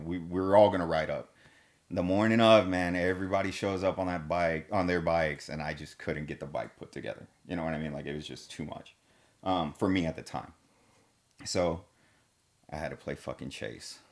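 Low-voiced dude rambling thru a story, super casual, swears a ton, slangy and laid-back. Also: male voice. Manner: laid-back, profane, slangy, says "dude" and "man" a lot.

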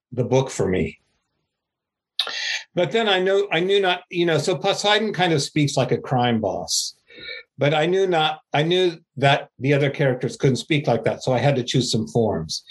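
An older man, an author, giving a slow, rambling, self-deprecating interview answer. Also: fairly high pitch.

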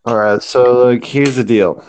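A man's voice: medium pitch, steady tone, measured pace, darkish tone, slight background noise. A man joining a podcast as a guest in casual chat, drunk, rambling and swearing.

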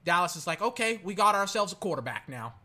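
Excitable male fan doing live game-reaction commentary; high, bright, exclamatory, rambling. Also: fast.

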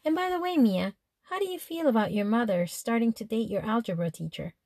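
A woman's voice: a little high, animated, brisk, darkish tone, dry recording, clean studio sound. A woman voicing a middle-aged male psychoanalyst father who hovers over two teenage girls and tries to analyze them. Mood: prying. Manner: overly attentive, prying.

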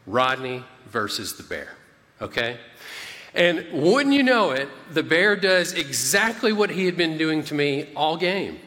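A man preaches a sermon in a bright, cutting voice that sits a little high for a man. He tells his story with energy and keeps checking in with the room with a quick "okay?". The sound rings with a long echo, as in a large hall. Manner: animated storyteller, frequent "okay?" check-ins. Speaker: pastor.

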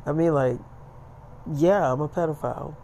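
A man's voice: a little high, normal speed, creaky, mellow, a little hiss or hum. A man voicing a blunt, matter-of-fact adult woman who swears freely, in a casual spoken story.

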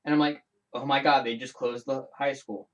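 A man hosting his own show in a casual, rambling solo chat, animated and full of restarts and side comments. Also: mid-range voice, normal speed. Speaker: show host.

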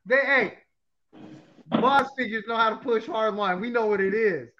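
Co-host, man, very high voice, clear background noise. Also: normal speed, highs cut off. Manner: interrupts with repeated "hold on". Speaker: podcast co-host. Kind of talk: casual comedic chat.

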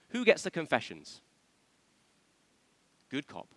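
Male preacher, animated sermon delivery, bright voice, dry close sound. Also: high voice, normal speed, pauses often, no echo. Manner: animated, questioning the congregation, acts out quoted voices.

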